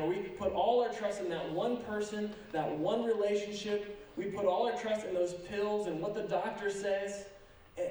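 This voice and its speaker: A pastor preaching a sermon in an animated, joking manner with sarcastic asides. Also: male voice, high-pitched. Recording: echoey sanctuary, from a distance.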